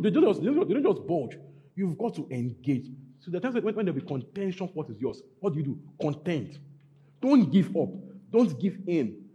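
Emphatic preacher man with a mellow voice. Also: on the high side. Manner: emphatic, repeats phrases, rising to loud exhortations. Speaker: pastor. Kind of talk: sermon.

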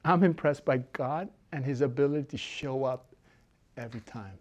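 With an extremely low voice at normal speed, a middle-aged woman pastor gives an animated sermon, heard through dull audio. Her delivery goes from loud exhortation to quiet intensity, and she laughs often.

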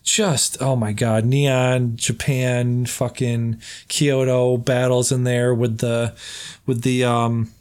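A man talking casually as a podcast co-host. He rambles through his thoughts, full of ums and laughs. He swears freely and loosely, with a voice of middle pitch. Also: level tone, slow, a little mellow, smooth. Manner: rambling, profane, lots of fillers and laughs. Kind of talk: casual chat.

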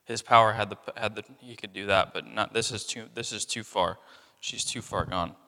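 A young man delivers a relaxed, talky sermon with a lowish voice. He leans on fillers and slips into other people's voices as he goes. The sound carries a long reverb from the room. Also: normal speed, vocal fry. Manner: conversational, many fillers, acts out voices of people in the story. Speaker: preacher. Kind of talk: casual sermon.

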